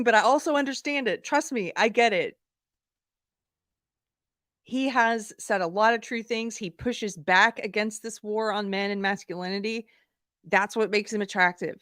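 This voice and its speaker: A livestream host gives outspoken, casual commentary and reads viewer comments aloud. Her medium-pitched voice is a bit bright and moves at normal speed, captured in clean studio sound with no echo.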